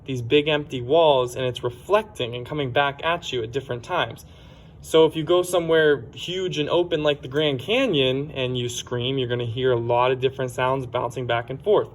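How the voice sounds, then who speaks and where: A man's voice: medium pitch, a little hiss or hum. A man teaching a science lesson for children in a plain, explanatory way, sometimes correcting himself.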